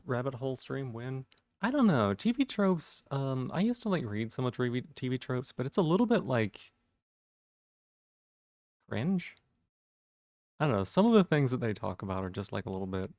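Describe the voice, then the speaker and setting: A man's voice: medium pitch, a little mellow, no room sound. A man chatting casually on a live stream, rambling with lots of fillers and restarts.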